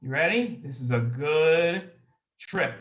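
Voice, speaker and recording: High, bright-voiced man hosting a kids' show. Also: slow pace, reverberant. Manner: energetic, repeats phrases, addresses children directly. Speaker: host of a children's Jewish show.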